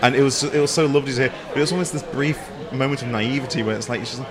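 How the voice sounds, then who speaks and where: A man's voice: mid-range voice, rapid-fire, few pauses, over a noisy crowd. A man from England with a northern English accent, chatting as a guest and joking a lot. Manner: joking, laughs often. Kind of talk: casual chat.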